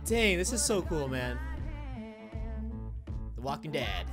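A young man giving excited let's-play commentary, cheering at the screen and then dropping to mumbles. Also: on the high side, takes it slowly, pauses often. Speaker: gaming YouTuber. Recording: game music loud behind the voice. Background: game music.

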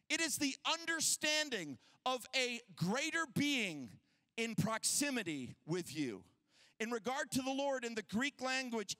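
Male pastor, 30s, animated sermon storyteller, bright tone, dry close sound. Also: extremely high pitch, no room sound. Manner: animated, acts out quoted voices.

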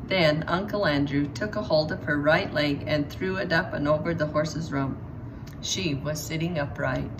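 A woman reading a passage from a novel aloud and commenting on it in a plain, unhurried way. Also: low voice. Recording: distant mic with loud room noise.

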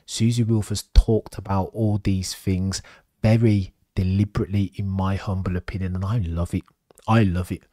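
Excitable man ranting on a livestream. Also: deep voice, normal speed, no echo, studio quality. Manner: animated, exasperated, with frequent stammered restarts. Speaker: livestream host. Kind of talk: live-stream commentary reading chat.

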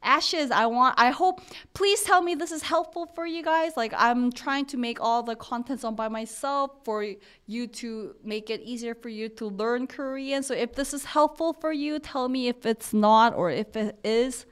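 Young woman teaching on a livestream, chatty and encouraging, kinda high voice, smooth and clear. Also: normal speed, a bit bright. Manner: encouraging, chatty, reads viewer comments aloud. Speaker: Korean language teacher. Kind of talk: live-streamed language lesson.

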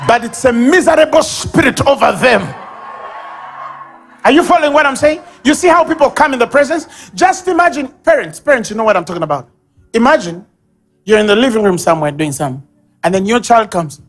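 A man with a Ugandan English accent preaching a sermon at a church service, animated, acting out sobs and baby babble and shouting key lines. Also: very high voice, a little fast, faint music behind.

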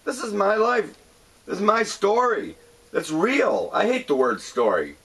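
A man hosting his own show, talking about his experience in an earnest, halting monologue, often repeating himself. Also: sits high, sing-song, fairly bright tone, husky, distant mic. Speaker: show host. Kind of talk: personal monologue to camera.

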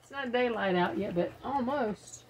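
A woman's voice: on the high side, moderate pace, a little hiss or hum. A middle-aged woman, chatting casually and giggling as she unboxes products at home for her viewers. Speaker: unboxing vlogger. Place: home, early morning.

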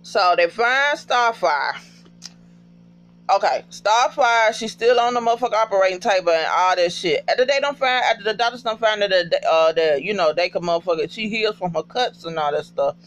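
A man casually recapping a TV episode in a profane, emotional, animated storytelling way. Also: high voice, moderate pace.

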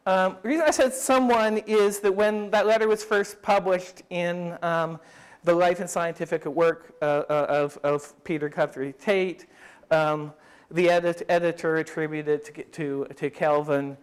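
A man's voice: fairly high pitch, fairly even intonation, unhurried, clean tone. A man giving an academic lecture at a summer school, thinking aloud with frequent restarts and speeding through quoted passages.

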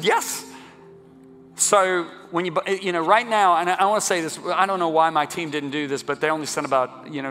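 With long hall reverb and faint music in the background, a man with a fairly high, slightly bright voice delivers a sermon in a large church sanctuary. As a fervent, exhorting guest preacher, he leads a healing prayer, talks about a book and speaks to the crowd.

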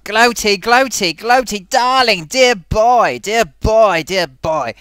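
A man voicing a flamboyant theatrical character who calls everyone "dear boy" and "darling" and repeats the host's name loudly in a sing-song. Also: high voice, lively intonation, slow pace, smooth, no echo, full character voice. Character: flamboyant theatrical luvvie man, gushing and grand.

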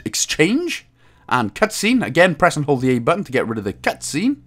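A man narrating a game walkthrough, joking around and slipping into silly high voices. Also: huge pitch swings, brisk, fairly bright tone. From Wales. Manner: bursts into silly high-pitched voices and laughs at own jokes. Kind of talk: jokey game walkthrough commentary. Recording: faint game music underneath.

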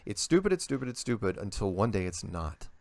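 An older man, a guest in a casual interview, telling stories in an animated way and acting out the voices he quotes. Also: lowish voice, brisk, no echo.

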